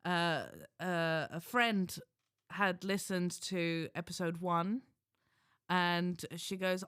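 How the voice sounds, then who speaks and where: A man's voice: high-pitched, fairly even intonation, slow pace, bright, forceful tone, clean tone, no room sound, studio quality. A man co-hosting a podcast, chatting casually in a rambling, self-mocking way with restarts. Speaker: podcast co-host. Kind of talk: casual chat.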